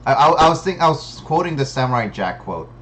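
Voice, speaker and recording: A man's voice: medium pitch, sing-song, fast, fairly bright tone, slight background noise. Playful male game streamer. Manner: playful, reads dialogue aloud with jokes. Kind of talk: casual gameplay chat, reading game text aloud.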